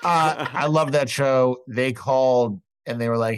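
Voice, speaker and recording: A man's voice: mid-range voice, unhurried, clear, resonant tone, no room sound. Profane storytelling man, dry sound. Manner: profane, animated storyteller, riffing. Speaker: guest actor. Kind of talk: casual podcast chat, storytelling.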